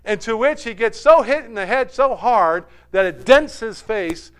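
A man retelling a movie story in an animated sermon style, swinging between loud bursts and hushed asides. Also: high voice, unhurried, smooth. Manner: animated retelling with sudden soft drops.

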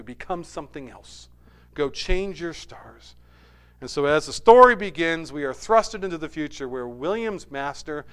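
A man retelling a movie story in an animated sermon style, swinging between loud bursts and hushed asides. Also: a little high, clear, resonant tone. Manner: animated retelling with sudden soft drops.

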